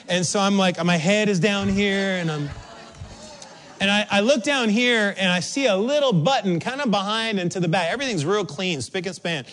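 High-voiced animated male preacher. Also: moderate pace. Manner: animated, acts out his own reactions. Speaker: pastor. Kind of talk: sermon with storytelling.

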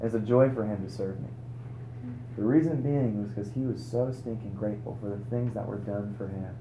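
A young man preaching a sermon at a conference, telling a story with lively rhetorical questions. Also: fairly low pitch, fairly quick, background noise. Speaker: conference speaker. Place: conference hall. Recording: roomy hall echo.

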